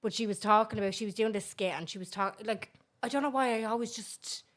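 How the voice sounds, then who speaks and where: A woman's voice: medium pitch, fast talker, a bit bright. An Irish woman co-hosting a podcast in casual chat, blunt and sweary, often trailing off mid-thought. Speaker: podcast co-host.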